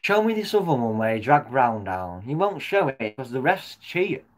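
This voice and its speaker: A man reacting live to a football match as a fan vlogger. He swears often and swings between muttered comments and loud yells at the referee. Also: mid-range voice, big pitch swings, moderate pace.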